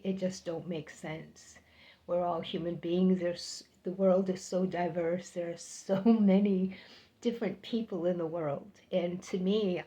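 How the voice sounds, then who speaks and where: A woman's voice: fairly low pitch, mellow. An older woman telling a personal story to the camera, chatty and repeating words for emphasis. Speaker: vlogger.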